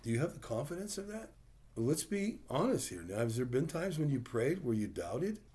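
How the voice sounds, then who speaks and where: A man's voice: mid-range voice, big pitch swings, fairly quick, dark tone. A man preaching a conversational sermon, plain-spoken and full of rhetorical questions. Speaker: pastor.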